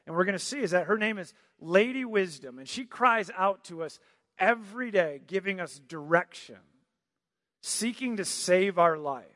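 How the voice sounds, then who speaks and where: A man's voice: sits high, sharp tone, no room sound, studio quality, long reverb tail. A man preaching a sermon, talking casually and asking the congregation questions. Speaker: pastor.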